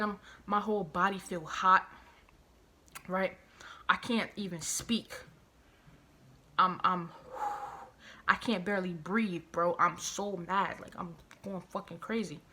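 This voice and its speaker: A woman vlogger telling a personal story, animated and profane, hammering her points home through repetition and outraged disbelief. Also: medium pitch. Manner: animated, profane, emphatic retelling with heavy repetition; outraged, incredulous. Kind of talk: storytime vlog.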